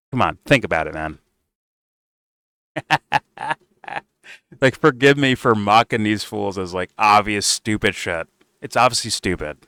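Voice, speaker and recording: A man with a lowish voice, smooth and clear, reacting to a debate clip. He mocks the speakers with sarcasm and curses often. The sound is dry and close to the mic. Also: a bit bright, dry recording. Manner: sarcastic and mocking, swears freely. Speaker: commentary streamer. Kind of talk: reaction commentary.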